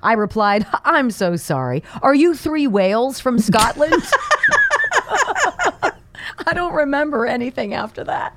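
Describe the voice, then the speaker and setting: A woman radio host telling corny jokes in casual banter, animated and giggly. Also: fairly high pitch, moderate pace, hardly any pauses, slight background noise. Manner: animated, giggly, exaggerated joke voices.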